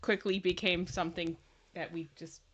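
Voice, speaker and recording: A woman's voice: lowish voice, level tone, moderate pace, a bit bright, a little hiss or hum. A woman from Canada co-hosting a casual livestream, chatting and explaining things. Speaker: co-host.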